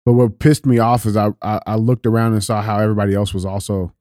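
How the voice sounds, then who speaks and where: A man's voice: fairly low pitch, flat delivery, quick pace, dark tone, no echo, studio quality. A male podcast co-host chatting casually, telling a laid-back story with some swearing. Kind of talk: casual chat.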